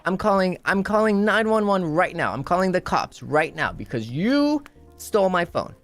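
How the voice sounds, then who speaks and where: A man voicing a furious woman customer who makes frantic, shrill accusations. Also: very animated, moderate pace, a bit bright, soft background music.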